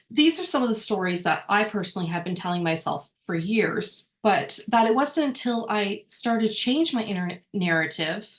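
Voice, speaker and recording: A woman leading a workshop lesson, talking conversationally, often checking in with "right?" and correcting herself as she goes. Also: mid-range voice. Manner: rambling with frequent self-corrections. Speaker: workshop speaker. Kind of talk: informal teaching talk.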